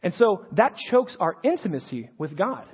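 At a normal speed, a man with a high-pitched, husky, sing-song voice preaches a heartfelt sermon rich with stories. He's in his thirties, a preacher and high school teacher, and his speech is conversational with repeated words on restarts. Long hall reverb colors the dull lo-fi recording.

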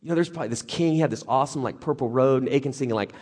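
A man preaching a sermon as lively storytelling, joking and acting out the characters. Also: mid-range voice, very fast. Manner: animated, jokey, acts out characters.

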